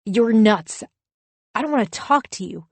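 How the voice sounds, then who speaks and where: A woman voicing an angry, self-pitying husband who shouts defensively in an audiobook. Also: lowish voice, measured pace, slightly rough, dry recording. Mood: shouting.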